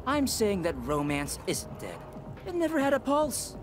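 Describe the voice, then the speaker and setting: A man's voice: high voice, wildly swooping pitch, unhurried, music in the background, exaggerated voice. A cynical ranting young guy. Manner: blunt, sarcastic rants. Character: cynical young man ranting about love. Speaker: game character.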